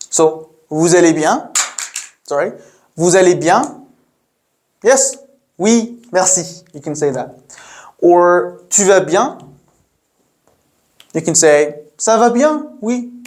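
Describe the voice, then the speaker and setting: Slow-paced man teaching beginner French. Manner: explains slowly with many fillers and restarts; models phrases with a raised pitch for repetition. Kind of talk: beginner language lesson.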